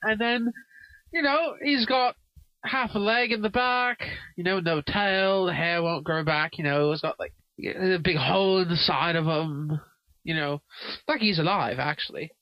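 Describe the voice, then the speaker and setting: A young man improvising as a talk show guest in a put-on English-Australian accent, rambling and filling every pause with "you know", recorded in a parked car. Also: high-pitched, dry recording, lo-fi sound. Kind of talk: improvised comedy sketch.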